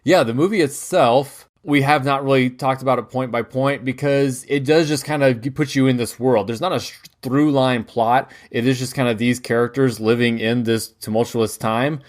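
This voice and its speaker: A man's voice: medium pitch, fairly even intonation, normal speed, hardly any pauses. An American man co-hosting a podcast, chatting about a movie in a loose, rambling way. His voice sits in a middle register, and he keeps circling back with fillers and restarts as he thinks aloud. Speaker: podcast co-host. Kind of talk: casual film discussion.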